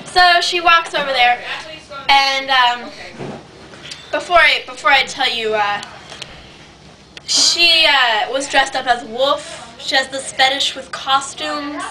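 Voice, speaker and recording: High-voiced woman rambling a silly tale. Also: takes it slowly, pauses often, bright, forceful tone. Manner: rambling, giggly, chatty. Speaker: improvising storyteller. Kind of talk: improvised comic storytelling. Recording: distant mic, noisy home video.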